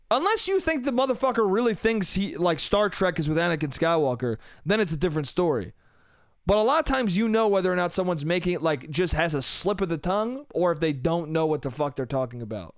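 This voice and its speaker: Solo podcast host, young man, high bright voice, dry close sound, swearing exasperated rant. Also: dry recording. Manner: profane, exasperated, mimics others mid-story.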